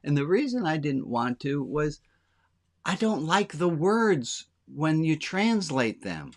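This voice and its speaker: A man's voice: a little high, big pitch swings, slow. A man speaking as a rabbi, giving a frank, plainspoken, conversational sermon to his congregation. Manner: talks directly to a small congregation.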